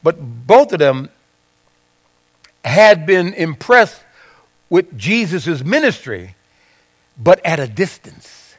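A man with a high voice preaches in a chatty, conversational way. He reads scripture aloud and turns to his listeners with questions. His voice rises and gets louder when he quotes the verses. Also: sing-song, takes it slowly, pauses often. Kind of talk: sermon.

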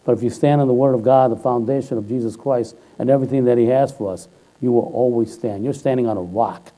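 Talking fast over poor audio, a preacher delivers a chatty, informal sermon. He keeps asking "all right?" and his voice climbs loud and high on exhortations and quotes.

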